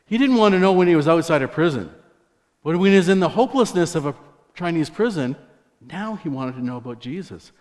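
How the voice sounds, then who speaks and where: A man's voice: fairly high pitch, very animated, normal speed, long pauses, darkish tone. A man giving a sermon testimony, telling stories in a conversational way with asides to the congregation. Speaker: guest preacher. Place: church sanctuary. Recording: long church hall reverb.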